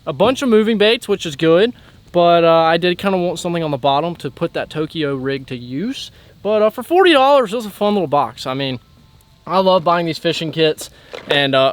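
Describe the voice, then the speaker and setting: An excitable young man narrates his fishing trip from a lake bank, his voice sitting a bit high for a man. He talks casually to his viewers, and a faint hiss of outdoor noise sits behind him. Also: quick pace. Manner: excitable, hyped up when hooking fish. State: out of breath. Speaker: fishing channel host.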